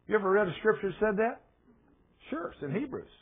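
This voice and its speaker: A man preaching a sermon who tells a story dramatically and drops to a hush when he quotes someone. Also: sits high, very animated, normal speed, slightly rough. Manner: dramatic retelling, dropping to hushed tones for quotes. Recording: tinny phone-like radio broadcast.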